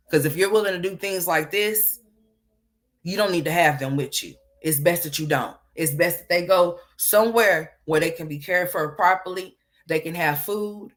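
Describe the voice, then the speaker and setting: A woman giving a blunt, profane opinion commentary, firing off rhetorical questions. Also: low-pitched. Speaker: online commentator.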